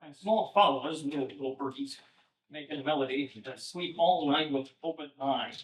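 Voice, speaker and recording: A man's voice: fairly high pitch, moderate pace. A man giving an informal poetry lecture as a pastor, chatty, with many fillers, checking in with "right?". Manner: reads old verse aloud in a lifted, sing-song voice. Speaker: pastor teaching a poetry class. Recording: echoey room, mic at a distance.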